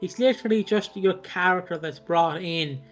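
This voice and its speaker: A man's voice: sits high, normal speed, soft background music. A man co-hosting a casual chat over a video call, swearing often and acting out characters in short bursts. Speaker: podcast co-host.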